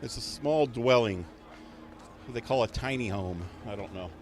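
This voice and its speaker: A man's voice: mid-range voice, moderate pace, a little mellow, slight background noise. A man livestreaming a video game, commenting casually, laughing often and swearing in passing. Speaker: gaming livestreamer. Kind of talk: live gameplay commentary. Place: small home.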